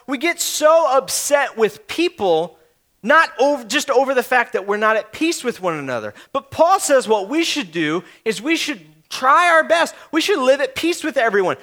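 Casting note: young male pastor, very high and bright voice, earnest conversational sermon delivery. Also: sing-song, normal speed. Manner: earnest, conversational preaching with frequent restarts and acted quotes.

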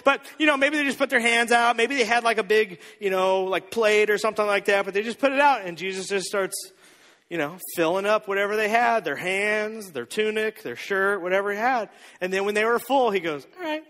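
Pastor, male, 30s: high, lively sermon voice that acts out the story, recorded in a hall with a long echo. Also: normal speed. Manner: animated storytelling, acting out the disciples' voices.

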